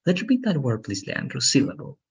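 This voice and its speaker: A man's voice: medium pitch, expressive, unhurried, slightly rough, muffled recording. A man teaching an online English lesson. He is patient, repeats each rule and keeps checking with "right?".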